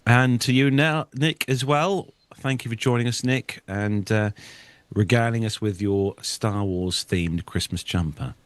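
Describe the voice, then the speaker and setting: Man, podcast host, lowish voice, dry close sound, genial chatty sign-off. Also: a little slow, no echo. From United Kingdom. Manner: chatty, genial, thanks each guest in turn. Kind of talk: casual podcast chat and sign-off.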